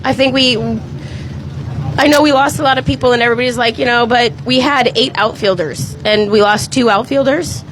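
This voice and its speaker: A woman's voice: on the high side, fairly even intonation, a little fast, background noise. Hesitant woman recapping her game. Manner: hesitant, many ums and you-knows. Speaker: guest player. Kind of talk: casual chat.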